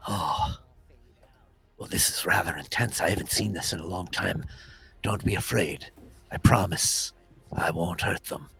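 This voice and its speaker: A man voicing a mysterious ancient male face trapped inside an orb, speaking in a hushed, solemn and reassuring way, as whispered role-play. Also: low voice, measured pace, vocal fry, long pauses, pitched below the performer's own voice, full character voice. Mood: calm, wry.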